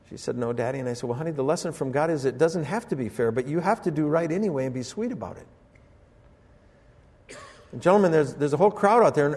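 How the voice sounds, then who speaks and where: Older man, pastor, sermon, storytelling, voice jumps high, church hall echo. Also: darkish tone. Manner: storytelling preacher, acts out voices with sudden high pitch jumps. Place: church sanctuary.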